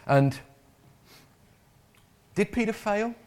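A man's voice: high voice, expressive, very slow, a little mellow, clear, resonant tone. A man preaching a sermon in a conversational way, often repeating words and putting questions to the congregation.

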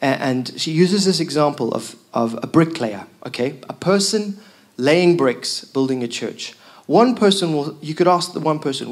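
A man's voice: a little high, expressive, normal speed. A man preaching a sermon as pastor, telling the story with emphatic repeated lines.

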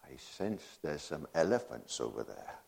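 A preacher voicing a calm, knowing safari guide with an African accent, low and quiet. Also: male voice, moderate pace, vocal fry, heavily acted.

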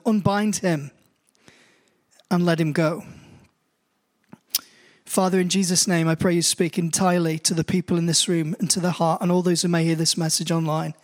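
A man with a British accent preaching a sermon in a church, reading scripture slowly and then telling stories with growing animation. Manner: slow, deliberate scripture reading; storytelling, rising in pitch as he grows animated. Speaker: pastor. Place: church hall.

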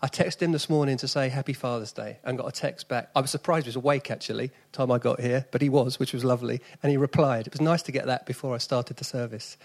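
A man's voice: medium pitch, steady tone, fast talker, gravelly, hardly any pauses. A man in his forties with a South East London accent, preaching an earnest, conversational sermon with sudden emphatic rises.

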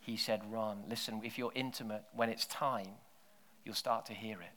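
A man preaching a sermon full of stories. He drops to near-whispers and then breaks into loud shouted bursts. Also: lowish voice, fairly even intonation, moderate pace. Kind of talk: sermon with storytelling.

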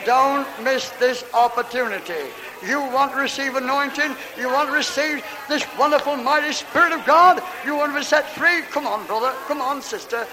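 A fervent male preacher with a very high voice leads a revival sermon and altar call, stretching out his exclamations and breaking into tongues. His voice rings through a church meeting hall with a long reverb tail. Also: moderate pace, hardly any pauses.

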